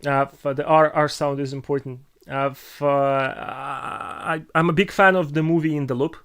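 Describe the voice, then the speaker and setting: Halting Russian-accented man with smooth voice. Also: on the high side, fairly even intonation, a bit bright. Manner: halting, many restarts and filler sounds. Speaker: streamer answering viewer questions. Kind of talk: casual live-stream chat.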